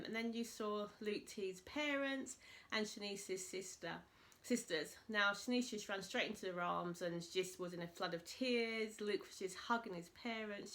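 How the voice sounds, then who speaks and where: A woman chatting to camera, recapping a reality show and retelling it with animated quotes. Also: normal speed. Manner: animated retelling, voices quotes in a high excited pitch. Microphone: camera mic, speaking to camera.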